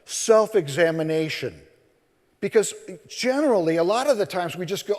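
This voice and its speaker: A male minister giving a sermon, telling scripture stories in an animated way and acting out the voices. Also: high voice, normal speed. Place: church sanctuary. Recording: long reverb of a large hall.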